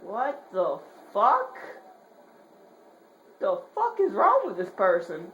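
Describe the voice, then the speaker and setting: A woman playing a horror game and talking over it, her pitch jumping all over as she swears in quick repeated bursts. Between scares she mutters jokes under her breath. The room echoes, and there is a faint hiss underneath. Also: huge pitch swings, highs cut off. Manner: jokey, mutters quietly between outbursts. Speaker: gamer. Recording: roomy echo, faint hiss.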